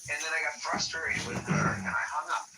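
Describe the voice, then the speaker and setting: A man's voice: on the high side, animated, fairly quick, creaky. A male podcast guest telling a rambling, profane, frustrated story in casual chat. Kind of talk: casual anecdote. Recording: roomy, distant mic with faint noise.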